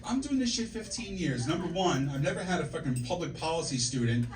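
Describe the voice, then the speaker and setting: Stand-up comic, 40s, male, brash and profane, crowd-work style; slightly high voice, roomy distant sound. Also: animated, a little fast. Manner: brash, profane storytelling with frequent "okay?" and "right?" asides. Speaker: stand-up comedian. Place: comedy club stage. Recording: echoey club from a distance, loud room noise.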